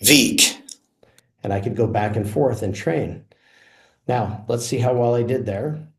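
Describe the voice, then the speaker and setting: A man walking through a software demo, explaining each feature in a relaxed, explanatory way. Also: mid-range voice, normal speed. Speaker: software presenter. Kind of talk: product demo walkthrough. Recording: roomy echo.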